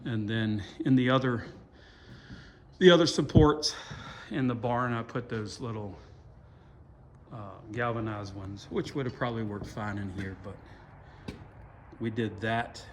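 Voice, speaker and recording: A middle-aged man walking through the old barn he restored, talking in a halting, rambling way full of fillers. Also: mid-range voice, a little hiss or hum. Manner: rambling, halting, self-deprecating, many fillers. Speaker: farm owner showing his restored barn. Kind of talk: casual walkthrough vlog.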